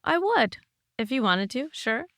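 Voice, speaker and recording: A woman's voice: a little high, very animated, measured pace, vocal fry, fairly bright tone, no room sound, clean studio sound. A woman in her forties hosting a podcast, chatting frankly and easily. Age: 40s. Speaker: podcast host. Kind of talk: casual podcast chat.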